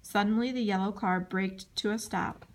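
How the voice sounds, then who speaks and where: Woman reading a children's chapter book. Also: moderate pace. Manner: reads the dialogue with lively voices, jumping high for shouts. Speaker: audiobook reader. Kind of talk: scripted narration.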